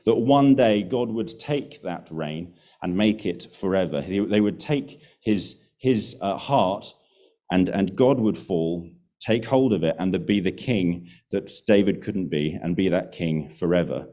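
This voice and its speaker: Low, mellow-voiced male preacher. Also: measured pace. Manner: earnest, emphatic, repeats phrases for stress. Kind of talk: sermon.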